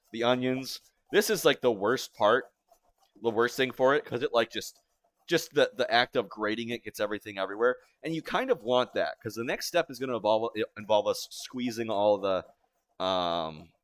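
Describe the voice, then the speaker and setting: A man's voice: mid-range voice, fairly bright tone, dry recording. A young man casually narrating a live cooking stream from his home kitchen, rambling and self-deprecating with filler words, filmed on a phone on a tripod. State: teary-eyed from onions.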